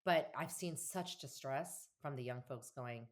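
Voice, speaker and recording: Woman in her fifties, deep voice, animated storyteller, family therapist. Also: unhurried, few pauses. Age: 50s. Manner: animated storyteller, acts out quoted dialogue with laughs. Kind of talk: conversational podcast interview.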